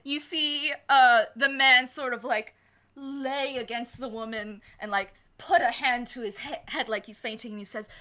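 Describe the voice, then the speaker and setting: A woman game master narrating a tabletop session in a chatty, rambling way, full of fillers and asides. Her voice sits a bit high and sounds bright and forceful. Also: fairly even intonation, moderate pace.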